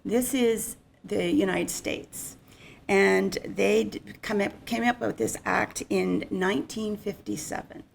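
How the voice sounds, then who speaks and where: A woman's voice: mid-range voice, fairly even intonation, slow, gravelly, slight background noise. A middle-aged woman giving an unscripted, conversational conference presentation on insurance. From Canada.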